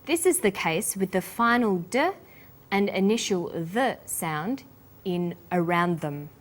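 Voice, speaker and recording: A woman with an Australian accent hosting a scripted English pronunciation lesson, speaking slowly and articulating each word clearly. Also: medium pitch, animated. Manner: slow, deliberate, clearly articulated. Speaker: English teacher and host.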